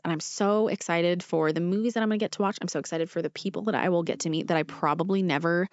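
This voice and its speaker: A young woman hosts her own podcast in a fairly low voice, earnest and gushing, rambling through her thoughts with plenty of fillers. She sits close to the mic in a dry, slightly dull-sounding recording. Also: dry recording. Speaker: podcast host. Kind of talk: casual solo podcast chat.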